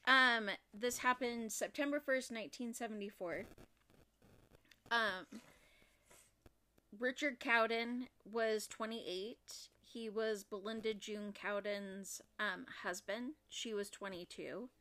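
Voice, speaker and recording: A young woman from Oregon co-hosting a casual true-crime podcast, talking in a halting way with many fillers and restarts. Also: fairly high pitch, steady tone, pushed and bright. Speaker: podcast co-host.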